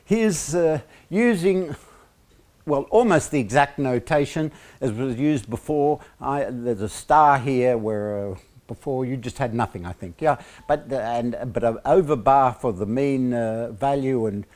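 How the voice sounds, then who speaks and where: A man with an Australian accent giving a university lecture, pausing often on fillers and slipping in joking asides. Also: medium pitch, darkish tone.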